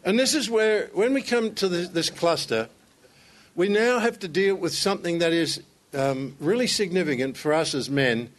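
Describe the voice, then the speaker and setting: A man's voice: fairly high pitch, a little hiss or hum. A man speaking to other men in a conversational sermon, telling stories with self-deprecating humor.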